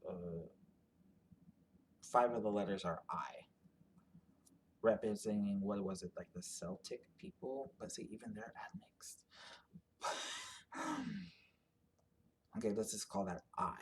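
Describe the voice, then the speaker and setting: A man's voice: on the low side, very animated, slow, pauses often, slight background noise. A man giving a casual explanatory monologue, rambling and thinking aloud with many fillers and restarts. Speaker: commentator on genetic ancestry.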